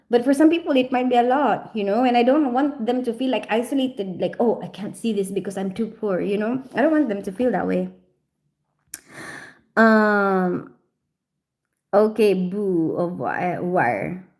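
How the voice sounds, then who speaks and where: A woman's voice: a little high, darkish tone. Chatty middle-aged woman hosting a live stream. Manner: chatty, teasing, laughs often, scolds a viewer playfully. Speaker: livestream host reading chat. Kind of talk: casual live-stream chat.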